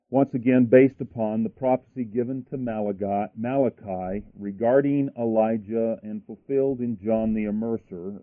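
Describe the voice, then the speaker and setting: A man's voice: on the low side, dry recording. A man preaching a sermon, building emphasis by repeating his phrases. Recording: tinny phone-like line, dry.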